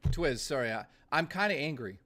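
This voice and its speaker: A young man rants through a casual live stream, swearing freely and laughing things off. His voice sits a little higher than most men's. He mixes exasperation with easygoing chat. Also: expressive, bright, forceful tone. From Canada. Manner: profane, ranting, quick to laugh.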